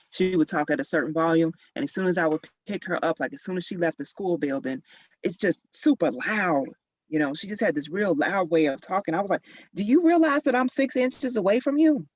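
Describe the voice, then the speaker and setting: A man's voice: on the high side, a little fast. A man from Chicago chatting loosely in a casual group conversation. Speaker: discussion participant. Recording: dry, dull lo-fi call audio.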